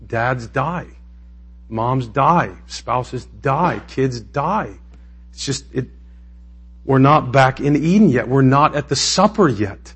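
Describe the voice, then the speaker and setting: Husky-voiced pastor preaching conversationally. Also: male voice, medium pitch, expressive, slow pace, a bit bright. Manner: conversational, emotional, rising to impassioned peaks. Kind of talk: sermon.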